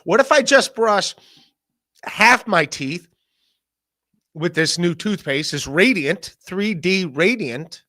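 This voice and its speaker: A man hosting a podcast, rambling in a casual solo rant, swearing, laughing often and mock-shouting the people he quotes. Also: sits high, animated, slow, pauses often. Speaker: podcast host.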